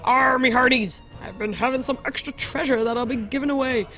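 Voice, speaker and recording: Woman doing a pirate voice, boisterous, hammy, raised pitch, soft music behind. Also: fairly even intonation, fairly quick. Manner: clumsy hammy pirate drawl. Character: boisterous pirate announcing treasure.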